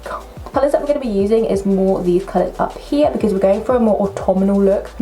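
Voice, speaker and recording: Brief: young woman vlogger, mid-pitched, chatty and excitable, jokes at her own expense while doing makeup. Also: a little fast. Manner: chatty, excitable, self-mocking asides. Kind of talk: casual makeup tutorial chat. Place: at home at a table.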